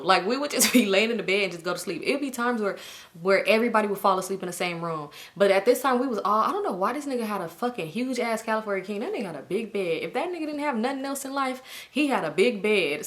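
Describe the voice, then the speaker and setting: A woman casually telling a dramatic story from her own life, acting out what everyone said and swearing freely. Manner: animated, acts out quotes in high voices, swears freely. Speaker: storytime vlogger.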